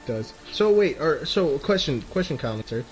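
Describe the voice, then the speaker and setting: Lively, excitable man with faint music behind. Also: on the high side, moderate pace, low-quality recording. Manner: excitable, playful, with gasps and laughs. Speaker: co-host. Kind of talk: casual gaming chat.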